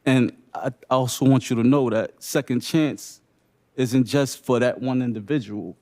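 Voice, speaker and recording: A young man speaking unscripted at a public briefing, sharing his own story in short, halting, emotional phrases. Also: mid-range voice, dark tone. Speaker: panelist sharing lived experience. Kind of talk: unscripted personal testimony at a briefing.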